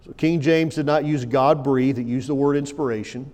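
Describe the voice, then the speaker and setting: A male pastor preaching a sermon, with emphatic delivery that swings from loud declarations to hushed asides. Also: medium pitch, steady tone, normal speed, hardly any pauses. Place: church sanctuary. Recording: long church hall reverb.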